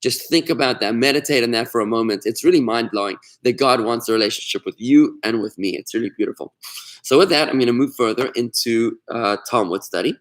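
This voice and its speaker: This is a middle-aged man, a rabbi, teaching Talmud in a relaxed online class. His voice sits at an ordinary pitch. He tells stories with animated energy and often restarts his sentences. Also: brisk. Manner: animated storyteller, warm asides, many restarts. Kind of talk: casual online Torah class.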